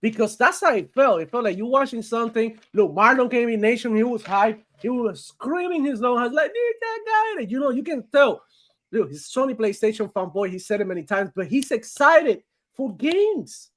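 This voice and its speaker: A man hosting a gaming live stream with a lively voice that swings widely up and down. He talks casually and animatedly, laughs a lot, swears freely and keeps saying bro. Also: very high voice, normal speed.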